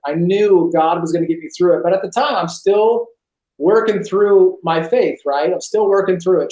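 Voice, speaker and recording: A man from California, a podcast guest telling his personal testimony over a video call, lively and acting out scenes. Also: high voice. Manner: animated storyteller, acts out scenes. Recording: roomy echo.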